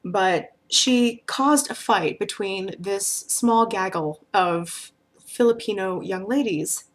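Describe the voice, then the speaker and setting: A woman talks straight to her viewers, telling a personal story in a loose, chatty way. She rambles, backs up and restarts her sentences. Her voice sits at a middle pitch. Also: takes it slowly. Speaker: vlogger. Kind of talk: casual storytelling to camera.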